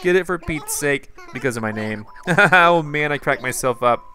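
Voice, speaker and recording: A man's voice: fairly high pitch, expressive, normal speed, bright, forceful tone, faint music behind. A man reading out the lines of a goofy, pun-loving male mail carrier with wings in a game. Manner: corny, punny, cracks himself up.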